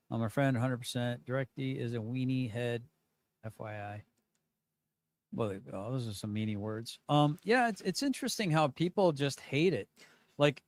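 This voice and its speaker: A man's voice: mid-range voice, no echo. A man hosting a live stream with callers, talking in a rambling, hesitant way and feeling sorry for himself. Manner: rambling, self-pitying, hesitant fillers. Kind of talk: casual live-stream chat.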